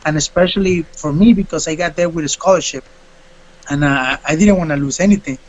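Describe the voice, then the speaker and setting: A man, a fighter being interviewed, telling a story in a casual, animated way and acting out what people said. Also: a little high, fairly quick, muffled recording. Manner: animated, acts out quotes.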